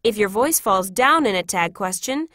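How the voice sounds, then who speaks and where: A woman reading classroom English phrases one by one in a clear, measured teaching voice. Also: medium pitch, expressive, bright, forceful tone, dry recording, clean studio sound. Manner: clear, measured, each phrase read separately. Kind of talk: scripted read-aloud of classroom phrases.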